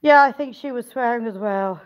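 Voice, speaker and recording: Talking at a moderate pace in a slightly high voice, a woman films a farm vlog in a sheep pen. She urges and coaxes a ewe as she wrestles it, sighing with effort, swearing, and speaking to viewers in between.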